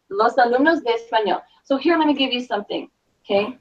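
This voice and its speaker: A woman's voice: on the high side, expressive, fast, soft background music. Woman, teacher, classroom explaining, chatty, keeps asking okay, distant mic, muffled lo-fi sound. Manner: chatty, checks in with frequent "okay?". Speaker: Spanish teacher. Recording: distant, dull lo-fi classroom recording.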